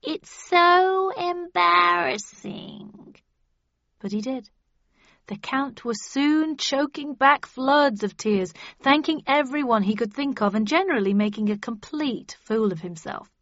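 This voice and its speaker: A woman reading a first-person novel aloud in measured storytelling. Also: on the high side, expressive, no room sound, dull audio. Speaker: audiobook narrator. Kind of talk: scripted first-person narration.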